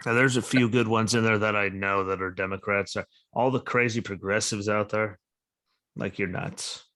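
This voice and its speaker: A man's voice: lowish voice, steady tone, normal speed, sharp tone. A sleep-deprived man hosting a podcast over a video call, talking in a blunt, sarcastic, profane and rambling way. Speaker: podcast host. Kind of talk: casual political chat.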